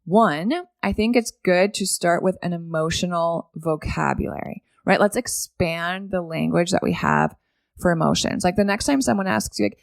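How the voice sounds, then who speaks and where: A woman's voice: lowish voice, normal speed, creaky, dry recording, clean studio sound. A woman hosting a solo podcast, talking casually and often asking "right?" to keep the listener with her. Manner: conversational, keeps asking "right?". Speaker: podcast host.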